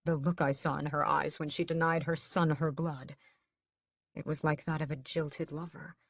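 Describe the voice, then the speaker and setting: Woman audiobook narrator, lowish voice, dry close sound, steady dramatic read. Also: moderate pace, breathy edge, dry recording. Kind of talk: first-person audiobook narration.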